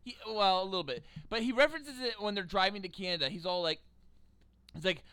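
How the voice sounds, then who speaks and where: Man, podcast co-host, high bright voice, smooth and dry sound, animated, swears, acts out movie lines. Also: brisk, dry recording. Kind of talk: casual comedic movie chat.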